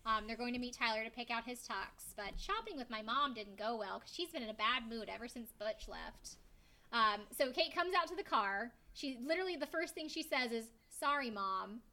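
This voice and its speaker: Woman, podcast co-host, bright tense voice, fairly high, animated, swears freely. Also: fairly quick. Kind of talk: casual chat recapping a reality show.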